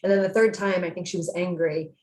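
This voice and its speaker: A woman's voice: fairly low pitch, steady tone, fast talker, darkish tone, roomy sound. A woman co-host talking casually, rambling with many fillers and restarts. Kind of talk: casual podcast chat.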